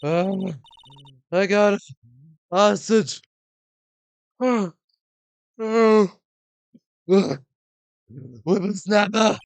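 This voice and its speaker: A man voicing a frantic, exhausted woman who pants and yells in short bursts while reading game dialogue aloud. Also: steady tone, drawn-out words, pauses often, clear, resonant tone, dry recording, heavily acted. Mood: panting. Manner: panting, shrill, yelling in bursts. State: out of breath. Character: frantic exhausted middle-aged woman, out of breath.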